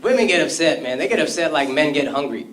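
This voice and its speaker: A man doing stand-up comedy and loud, slangy crowd work in front of a live audience. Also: fairly high pitch, fast. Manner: loud, animated, slangy banter. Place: comedy club stage before a crowd. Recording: roomy live club sound with crowd noise.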